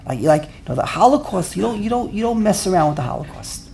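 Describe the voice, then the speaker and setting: Gravelly man lecturing, stammering repeats. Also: high voice, fast. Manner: animated, repeats words while searching for phrasing. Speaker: Torah teacher. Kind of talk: classroom Torah lecture.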